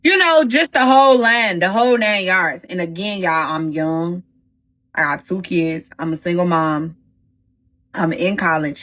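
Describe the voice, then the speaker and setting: Woman spilling a story to her viewers, kinda low voice, dry close sound, lots of slang. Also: dry recording, rough recording. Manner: animated, talks straight to viewers with slang. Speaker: storytime host. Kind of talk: casual storytime vlog.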